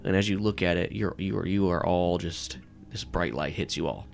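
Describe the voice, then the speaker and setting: A man's voice: low voice, moderate pace, vocal fry, slight background noise. A man narrating a tabletop game as game master, rambling and filling with "like" and "um.". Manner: rambling, full of "like" and "um".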